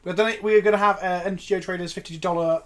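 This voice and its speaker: A mid-pitched streamer who talks loosely and excitably over an online card game. Swear words come often and loud laughs burst out between the plays. The talk is unscripted, live-stream chatter. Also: racing. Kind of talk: casual live-stream chat.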